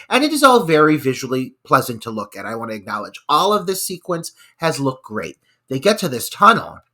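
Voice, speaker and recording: A man's voice: fairly high pitch, bright, forceful tone. A man co-hosting a podcast, ranting in exasperation about a film scene, swearing and laughing. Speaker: podcast co-host. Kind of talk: casual film review chat.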